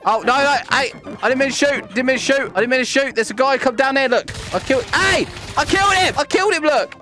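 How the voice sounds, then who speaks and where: A young British man joking and bantering loudly while playing a VR shooter with others. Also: extremely high pitch, fast, faint music behind. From Britain. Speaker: gaming YouTuber.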